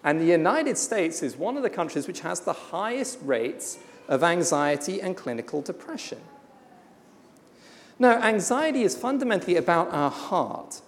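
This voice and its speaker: A preacher delivering a sermon in an emphatic, blunt way, slowing down for weighty pauses. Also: medium pitch, very animated, a little hiss or hum. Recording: long hall reverb.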